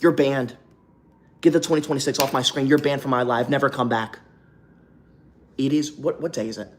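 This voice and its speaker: A man's voice: mid-range voice, steady tone, normal speed, a little hiss or hum. A young man hosting a livestream from a hotel room, reading super chats aloud and breaking into melodramatic, indignant outbursts. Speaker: livestream host.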